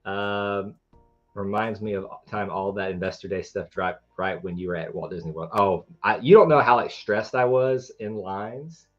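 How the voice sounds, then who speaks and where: A man co-hosting a live trivia show, chatting casually and excitably, jumping from one thought to the next. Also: lowish voice, moderate pace, muffled recording, soft background music. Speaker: co-host of a Disney trivia show. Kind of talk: casual livestream chat.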